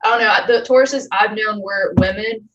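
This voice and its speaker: A young woman in her twenties hosting a podcast in casual chat, animated and quick to get excited, swearing casually. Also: medium pitch, highs cut off. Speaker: podcast host.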